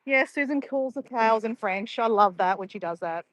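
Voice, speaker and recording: A woman's voice: on the high side, animated, normal speed, a bit bright, no room sound. A woman, chatting casually and playfully with live viewers in a bubbly, laughing way.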